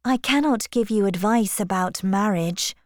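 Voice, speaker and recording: Woman doing a calm proper young lady in an audiobook, careful, slow, dry sound. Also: mid-range voice, no echo, close to an everyday voice. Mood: earnest. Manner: measured and careful. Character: composed, careful young gentlewoman giving advice.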